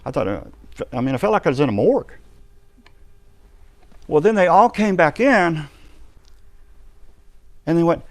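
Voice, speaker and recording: A man giving a personal testimony in a ministry live stream, telling his story vividly and acting out the shouts and reactions of the people in it. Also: a little high, sing-song, normal speed, long pauses, slight background noise.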